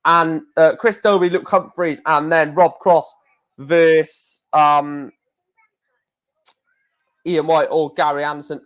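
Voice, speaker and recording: Young man, from England, livestream host, excitable, rambling, mild swearing, slightly high voice. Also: slow pace, pauses often. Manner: chatty, excitable, swears mildly, rambling asides. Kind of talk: casual darts watchalong commentary.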